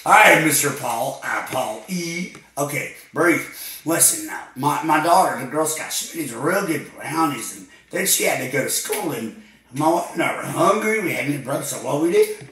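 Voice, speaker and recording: A man playing a frantic, panicked caller, pleading and shouting on a prank call. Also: on the high side, lively intonation, normal speed. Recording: very echoey room.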